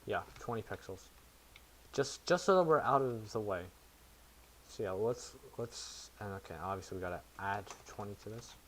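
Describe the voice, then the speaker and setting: A programmer streaming to his chat thinks aloud about his code in casual live commentary, tossing in self-mocking asides. He speaks at a moderate pace in a lowish voice, with slight background noise.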